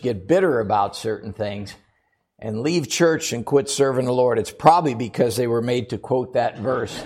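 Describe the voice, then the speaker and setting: A man's voice: medium pitch, a little mellow, breathy edge. An older man, a guest preacher in a church, opening his sermon with chatty, folksy jokes and laughing at his own punchlines. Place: church sanctuary.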